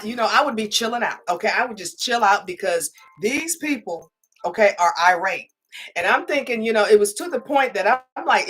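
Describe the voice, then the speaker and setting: A woman giving a spiritual reading who chats casually with viewers, stressing her points with a repeated "okay?" and acting out her own sharp replies. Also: mid-range voice, slightly rough. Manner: animated, repeats "okay?" for emphasis; emphatic, re-enacts her own retorts. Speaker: spiritual tarot reader.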